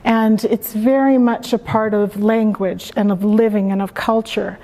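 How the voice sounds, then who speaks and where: A woman from Canada reading her own book aloud in a slow, measured way, then answering questions thoughtfully. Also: mid-range voice, steady tone, mellow. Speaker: author. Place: library event room. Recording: long hall reverb.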